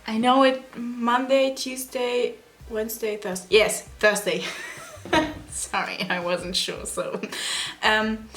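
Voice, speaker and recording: A woman's voice: a little high, flat delivery, slow, a bit bright. A young woman with a German accent, a native German speaker, chatting casually to her camera as a beauty vlogger, giggling, apologizing and searching for English words.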